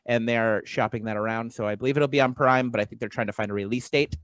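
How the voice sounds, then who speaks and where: A man's voice: mid-range voice, fast, dry recording, low-quality recording. A man in his thirties, a comedian guest, telling stories in a casual interview and acting out the voices in them. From west coast of the US. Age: 30s. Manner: animated storyteller acting out voices.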